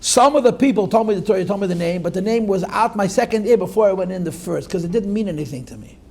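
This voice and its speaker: A man's voice: sits high, fast, gravelly, a little mellow. An older man teaching a class, telling stories with digressive, wry asides.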